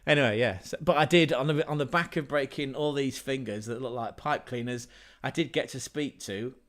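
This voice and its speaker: A man's voice: mid-range voice, fairly quick, a bit bright. Chatty, sweary English man on a livestream. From England. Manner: swears freely, rambling anecdotes with laughs. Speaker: livestream host. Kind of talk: casual livestream storytelling.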